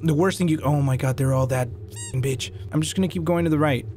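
A young man from Mexico with a Mexican accent, commentating a horror game, coaching himself in hushed tones, then yelping and swearing, switching into Spanish. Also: a little high, brisk, a little hiss or hum. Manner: jumpy, swings from hushed self-coaching to loud yelps, profane, switches into Spanish. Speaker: gaming YouTuber. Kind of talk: let's play commentary.

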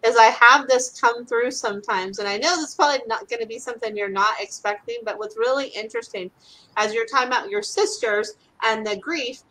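A woman's voice: on the high side, a little fast, bright, forceful tone, poor audio. A woman working as an animal communicator, chatting casually in a bubbly way and acting out what animals say in quoted voices. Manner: bubbly, acts out voices in quotes, many "like" fillers. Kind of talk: casual chat.

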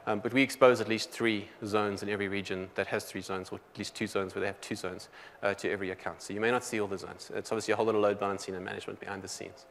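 A man with a South African accent giving a technical conference talk, talking quickly with many fillers and restarts. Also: fairly low pitch, level tone, vocal fry, a bit bright, long reverb tail, a little hiss or hum. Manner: quick, loose delivery full of "um" and restarts. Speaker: conference presenter. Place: large conference hall.

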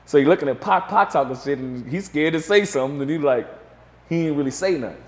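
A man's voice: a little high, fast talker. Man telling a story, roomy sound. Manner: animated storyteller, acts out quotes. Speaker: interview guest. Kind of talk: casual storytelling interview.

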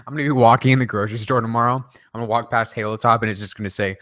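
Speaking fast with a fairly bright, medium-pitched voice and fairly even intonation, this livestream host fires off answers to viewer questions. He is casual and joking, swearing plenty and wandering into asides; the sound is studio quality without echo.

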